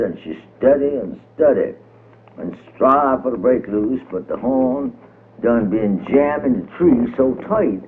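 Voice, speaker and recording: A man with a tells a folk tale in a rhythmic, colorful way. His pitch ranges widely as he reads. The sound is narrow and tinny, like an old radio broadcast. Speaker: storyteller. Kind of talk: dialect folk-tale reading.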